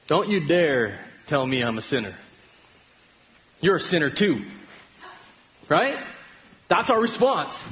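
A middle-aged Canadian man preaching a sermon, talking with his congregation more than at them and often stopping to ask them questions. His voice sits a little high for a man. The recording sounds dull and lo-fi. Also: very animated, slow pace, pauses often, fairly bright tone. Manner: conversational, asks the congregation questions. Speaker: pastor.

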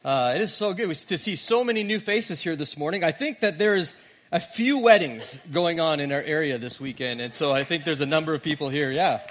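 Man, pastor, church sermon, conversational storytelling, fairly high voice. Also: lively intonation, fairly quick, fairly bright tone. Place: church sanctuary.

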